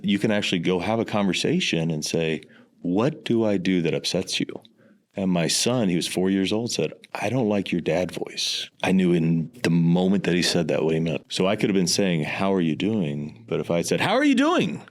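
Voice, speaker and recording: A man's voice: low voice, normal speed. A man in his thirties or forties, a guest on an interview podcast, talking in an earnest, emphatic way and repeating phrases for weight. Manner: earnest, emphatic, leans on repetition. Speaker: guest, business executive. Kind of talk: reflective interview talk.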